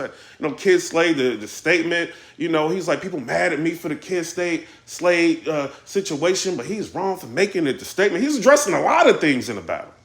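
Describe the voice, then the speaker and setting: A man with a somewhat high voice hosts a casual recap of a rap battle. He talks in an animated, conversational way, repeating lines back to himself, and now and then breaks into loud outbursts. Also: reverberant.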